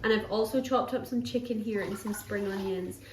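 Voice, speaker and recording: A woman's voice: mid-range voice, a little fast, background noise. A woman vlogger chatting casually and upbeat about her day. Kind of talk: casual vlog chat. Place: home kitchen and out on a commute. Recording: echoey room with clattering dishes.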